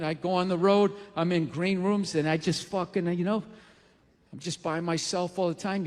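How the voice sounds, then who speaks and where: Ranting profane comedian in his forties. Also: high-pitched. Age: 40s. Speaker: stand-up comedian. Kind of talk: stand-up comedy. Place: live comedy venue on stage. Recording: echoey hall with loud crowd. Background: audience laughter.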